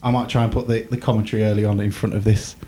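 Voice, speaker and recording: A man's voice: lowish voice, flat delivery, rapid-fire, mellow, a little hiss or hum. Chatty, rambling man on a podcast. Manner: rambling, self-mocking, lots of fillers. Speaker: podcast co-host. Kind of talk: casual chat.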